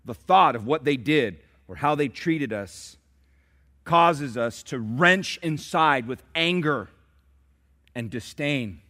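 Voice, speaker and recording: A man's voice: mid-range voice, animated, slow, sharp tone. A man preaching a sermon as pastor, telling stories and calling out to his congregation for responses. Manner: storytelling preacher who calls out to the congregation.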